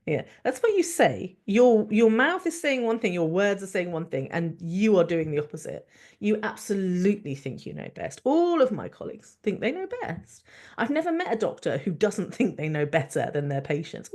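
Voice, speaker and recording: A woman doctor hosting a podcast, speaking in a candid, reflective monologue, frank and expressive and thinking aloud with many restarts. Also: medium pitch, normal speed. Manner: frank and expressive, with laughs and the odd swear.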